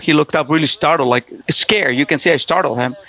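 Man, personal testimony storyteller, slightly high voice, earnest and emotional, loose retelling with restarts. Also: brisk, vocal fry, pushed and bright. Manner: earnest, emotional, repeats himself. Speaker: testimony speaker.

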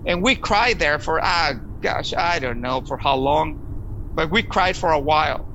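A man telling a personal story in an earnest, halting way, often repeating words as he goes. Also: a little high, animated, sharp tone, dull audio, a little hiss or hum. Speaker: storyteller giving a personal testimony.

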